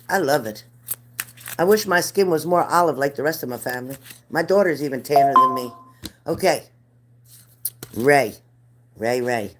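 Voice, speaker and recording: A woman's voice: sits low, a little hiss or hum. A middle-aged woman reading spirit cards live for viewers, chatty and earnest, repeating their names. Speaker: card reader.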